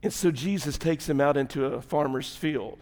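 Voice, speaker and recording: A man's voice: fairly high pitch, normal speed, darkish tone, a little hiss or hum. A man, a pastor preaching a folksy sermon, telling stories and making asides to his congregation. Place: church sanctuary. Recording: long hall reverb.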